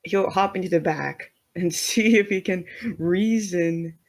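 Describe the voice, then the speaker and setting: A tabletop game player thinks aloud, hedging and giggling between questions to the game master. The voice is ordinary and mid-pitched. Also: a little slow. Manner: giggly, hesitant. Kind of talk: casual tabletop play.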